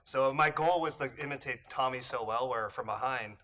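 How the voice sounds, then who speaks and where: A man, a guest at a card game, telling an animated story between rounds. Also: mid-range voice, normal speed, slight background noise. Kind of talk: casual banter and storytelling over a card game.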